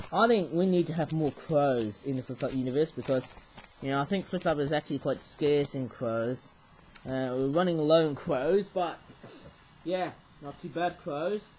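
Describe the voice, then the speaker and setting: A man's voice: fairly high pitch, slight background noise, rough recording. A man chatting casually as he shows off toys, rambling and often ending sentences with "eh?". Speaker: toy reviewer. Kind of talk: casual show-and-tell vlog.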